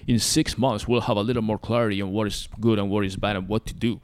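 A man's voice: on the low side, fairly even intonation, quick pace, clear, resonant tone, no echo. Rambling, ranting man with a dry sound. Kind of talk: casual podcast chat.

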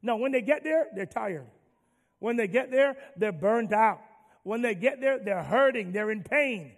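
A male pastor preaching with a high voice that carries a gravelly rasp. He draws call-and-response from the congregation, dropping soft before building loud. The sound rings through a reverberant church hall. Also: animated, measured pace. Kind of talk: sermon.

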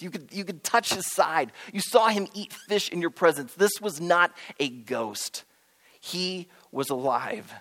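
A man preaching with a high, very lively voice that rises and falls a great deal as he tells a story dramatically. He speaks straight to the listeners as if they were there and sinks to a near hush at the solemn turns. His voice rings out with the long reverb of a large hall. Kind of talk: sermon retelling a story in the second person.

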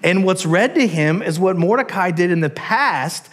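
A man's voice: sits high, lively intonation, moderate pace. A man preaching a sermon as a pastor, telling a story animatedly and acting out its characters. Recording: long church hall reverb.

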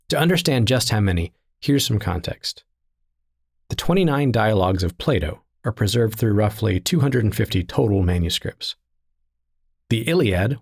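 A man giving a scripted teaching narration in a measured, deliberate reading style. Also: lowish voice, a little mellow, slightly rough.

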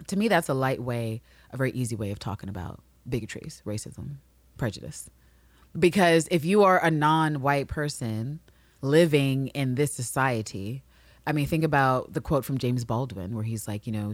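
Podcast co-host, woman, low and dry, lively and swearing in bursts. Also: normal speed, dry recording. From New York City. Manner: animated, swears, bursts of excitement. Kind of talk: casual TV recap chat.

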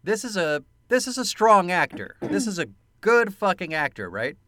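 A man with a high voice speaks at a moderate pace in a dry recording. He co-hosts a laid-back film podcast, telling profane, animated anecdotes and laughing often.

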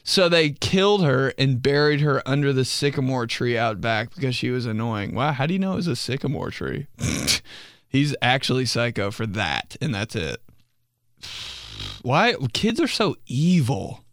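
A man's voice: mid-range voice, very animated, normal speed, fairly bright tone, dry recording, studio quality. A young man casually hosting a solo podcast, joking loosely in slang and laughing between stories. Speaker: podcast host.

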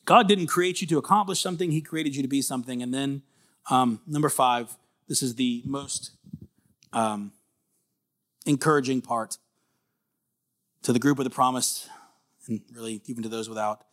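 A man in his thirties preaching a sermon in a conversational way, building to loud emphatic peaks. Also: mid-range voice, moderate pace, pauses often. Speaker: pastor.

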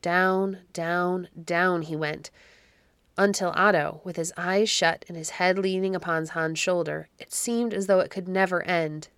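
A woman narrating a classic children's tale in a measured, even reading. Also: on the low side, no echo. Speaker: narrator and podcast host. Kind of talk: storybook narration.

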